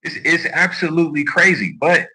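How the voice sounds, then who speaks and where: A man's voice: fairly high pitch, fairly quick, pushed and bright, breathy edge, rough recording. A man giving blunt, defiant video commentary straight to his viewers. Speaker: online commentator.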